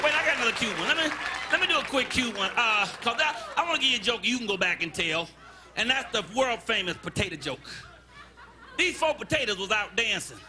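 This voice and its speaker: A man doing a live stand-up set, loud and animated, repeating his punchlines and phrases for effect. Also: very high-pitched, background noise. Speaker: stand-up comedian. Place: comedy stage with live audience.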